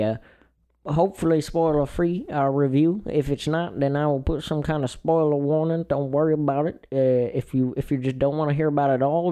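A man's voice: fairly high pitch, warm tone, lo-fi sound. A man with a Southern US accent, chatting on a podcast in a rambling, folksy, playfully boastful way. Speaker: podcast co-host. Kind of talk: casual podcast chat.

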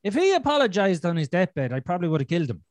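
Irish male podcast guest, slightly high voice, blunt and profane, dry close recording. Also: big pitch swings, very fast, dry recording. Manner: blunt, heavy swearing. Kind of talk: casual conversation.

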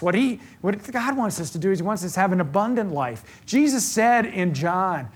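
Earnest male preacher, fairly high voice, repeats lines for emphasis. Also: expressive, normal speed, few pauses, slightly rough. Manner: earnest, gets emotional about faith. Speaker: speaker giving a faith talk. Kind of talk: sermon.

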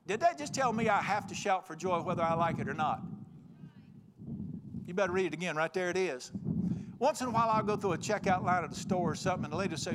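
A man's voice: high voice, noisy background. A man preaching a folksy, joking, emphatic sermon. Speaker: pastor.

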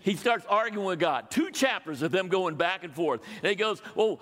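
Older pastor preaching in an echoing hall. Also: male voice, high voice, lively intonation, moderate pace, fairly bright tone. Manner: conversational, asks the congregation questions. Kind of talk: sermon. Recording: long reverb of a hall.

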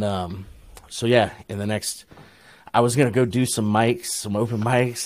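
A man's voice: on the low side, dry recording. Laid-back, profane Ohio man storyteller. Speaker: podcast co-host. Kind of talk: casual chat, storytelling.

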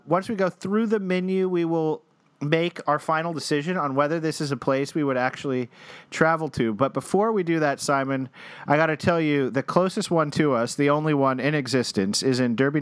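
A man's voice: fairly high pitch, moderate pace, clear, resonant tone, dry recording. A man co-hosting a podcast, chatting casually and jokingly with frequent laughs and fillers. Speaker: podcast co-host. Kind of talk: casual comedic chat.

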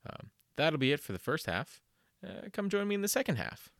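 A man's voice: fairly high pitch, very animated, a little fast, a bit bright, dry recording, studio quality. A young man hosting a casual solo podcast, rambling in a self-deprecating way and swearing often. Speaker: podcast host.

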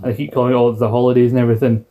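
A man's voice: mid-range voice, little pitch movement, racing, dark tone. A British man co-hosting a podcast in casual chat, rambling and acting out quoted lines in a raised put-on voice. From Britain. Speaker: podcast co-host.

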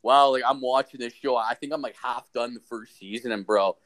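A young man from rural Ontario chats casually and loosely as a podcast co-host. He rambles through stories and swears in almost every line, in an easygoing, unpolished way. His voice sits at an ordinary middle pitch for a man. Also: a little fast, fairly bright tone. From rural Ontario, Canada. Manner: rambling, heavy swearing, laid-back storytelling. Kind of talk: casual chat.

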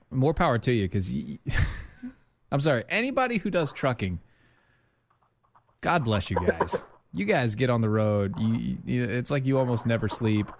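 A man's voice: lowish voice, gravelly, background noise. A man hosting a call-in show, chatting casually and joking with frequent fillers and restarts.

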